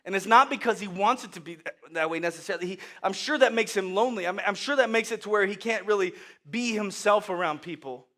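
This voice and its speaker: A man preaching a sermon, telling the story with lively acted voices and sudden loud outbursts. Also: high-pitched, fast talker. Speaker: pastor.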